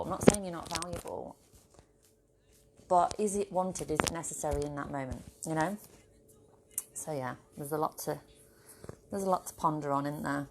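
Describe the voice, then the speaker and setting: A spiritual vlogger talks casually to a camera on a tripod at home with her dog, rambling, swearing freely, and bursting into laughter and playful voices. Her voice is deep, her pace moderate with long pauses, and there is background noise.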